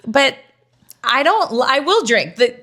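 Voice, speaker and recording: A woman's voice: high voice, sing-song, slow pace, sharp tone. A chatty woman co-hosting a podcast in easy conversation. She is playful and self-deprecating, tossing in little asides as she goes. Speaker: podcast co-host. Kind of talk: casual chat.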